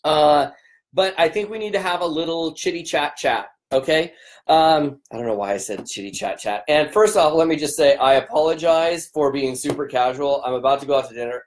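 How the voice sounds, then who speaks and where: A man's voice: fairly high pitch, a little fast. A business coach, a man, chatting casually on a livestream, greeting viewers by name in an upbeat, rambling way, his voice strained and cracking from a long day of talking.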